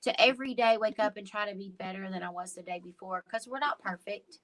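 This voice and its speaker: A woman's voice: medium pitch, fast talker, slight background noise, rough recording. A woman who owns a lingerie store, telling stories as a guest in a casual interview with emphatic, heartfelt energy.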